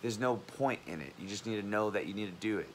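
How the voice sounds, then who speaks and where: A young man in his twenties talks to camera in an unscripted, heated monologue, full of swearing and restarts. His voice sits on the low side, and a faint hum of background noise lies under it. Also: expressive, fast. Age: 20s. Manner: heated, profanity-laden, rambling. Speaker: college student vlogger.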